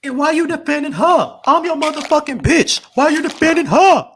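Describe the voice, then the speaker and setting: A man's voice: very high voice, animated, normal speed, fairly bright tone, slight background noise, voice pushed up, heavily acted. A man putting on the voice of an angry young woman who scolds her boyfriend in a mocking livestream impression, ranting and repeating "bro" at every turn. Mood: heated.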